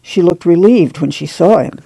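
A woman narrating an audiobook in a calm, even storytelling manner. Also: on the low side, moderate pace, creaky, slightly rough, no room sound.

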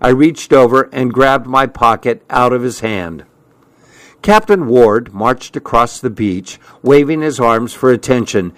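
A man narrating a story in a measured way. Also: mid-range voice, no echo. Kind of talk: audiobook narration.

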